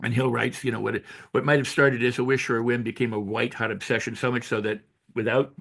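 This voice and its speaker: An older man, an author and coach, talking in an interview with animated storytelling, acting out quoted voices and often restarting his sentences. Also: mid-range voice, fast talker, vocal fry. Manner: frequent restarts and repetitions. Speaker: author and personal growth coach. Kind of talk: interview conversation.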